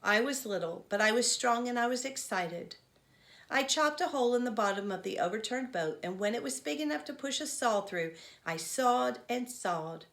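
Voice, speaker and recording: A woman's voice: a little high, expressive, moderate pace, voice pushed up. A woman reading as an earnest old village man. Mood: intent. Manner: earnest storytelling, rising to loud cries. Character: old village man, grief-struck, recounting childhood. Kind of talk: children's novel read aloud.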